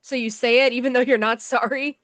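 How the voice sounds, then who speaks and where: A woman's voice: on the high side, steady tone, fairly quick, a bit bright, no room sound. A woman co-hosting a film review podcast, chiming in with wry, dry comments. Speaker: podcast co-host reviewing films. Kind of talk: casual chat about a movie.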